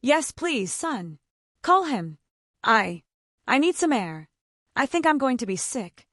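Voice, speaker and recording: A woman's voice: sits high, big pitch swings, slow, a bit bright, no room sound, clean studio sound, exaggerated voice. A woman reading the lines of an older father faking trembling, whimpering grief.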